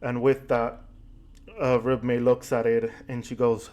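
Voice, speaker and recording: A man running a fantasy tabletop game, telling the scene and voicing the characters as he goes. He speaks at an ordinary pitch in a loose, easygoing storytelling manner, stopping now and then to restart a phrase. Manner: relaxed storytelling with quick asides and restarts. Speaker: game master.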